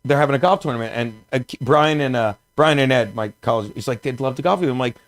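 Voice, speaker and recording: A man's voice: mid-range voice, quick pace. A man in his fifties from South Jersey, telling a rambling story on a podcast and laughing as he goes. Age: 50s. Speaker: comedian guest.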